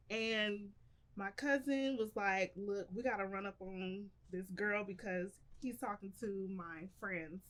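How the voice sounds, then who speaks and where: Woman, podcast co-host, animated storyteller, higher voice. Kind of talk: casual group chat.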